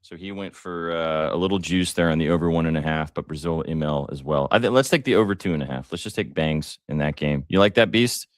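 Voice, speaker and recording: Deep-voiced, excitable betting host. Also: male voice, fast talker, few pauses, dry recording, clean studio sound. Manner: excitable, joking, lots of fillers. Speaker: sports betting show host. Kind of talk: casual live-stream betting talk.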